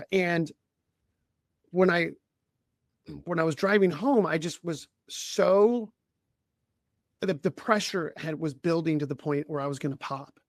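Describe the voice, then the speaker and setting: A leadership coach who co-hosts a podcast tells a personal story conversationally, his voice sitting a little higher than most men's. He speaks haltingly, often restarting sentences and clearing his throat, in a dry, close recording with no room echo.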